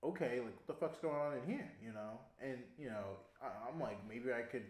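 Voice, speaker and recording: A young man casually telling a long story on a podcast, animated, laughing often and swearing freely. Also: medium pitch, fairly quick. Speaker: podcast co-host. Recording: echoey room.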